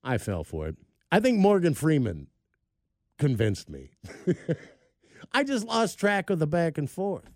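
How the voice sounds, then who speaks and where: A man's voice: a little high, huge pitch swings, measured pace, long pauses, a little mellow, no echo, clean studio sound. Chatty middle-aged man telling a story. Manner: chatty, rambling, self-mocking. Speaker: show host. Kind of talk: casual storytelling chat.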